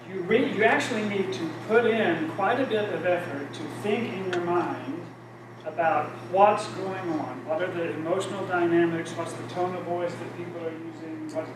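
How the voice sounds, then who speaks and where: Teaching his church Bible study group with casual, self-deprecating humor, this middle-aged man speaks at a fairly high pitch. Captured from far off in an echoey meeting room, the clip has background noise.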